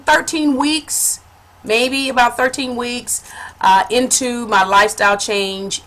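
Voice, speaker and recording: A woman vlogger telling a funny personal story in a casual, animated way, laughing and calling her viewers honey. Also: mid-range voice.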